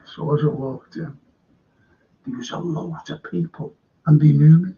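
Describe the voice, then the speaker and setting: Slow-talking man, lo-fi stream. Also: a little high, fairly even intonation. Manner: rambling and anecdotal, swears freely. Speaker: livestream show host. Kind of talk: rambling casual storytelling. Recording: dull lo-fi stream audio.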